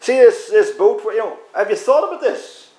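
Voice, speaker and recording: A scoffing, incredulous man jeers and fires rhetorical questions, as a preacher puts him on. His voice climbs high with disbelief. The room around him rings with echo. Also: animated, moderate pace, a little mellow. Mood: mocking. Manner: taunting, incredulous, raises pitch on rhetorical questions. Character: scoffing man mocking a boat builder.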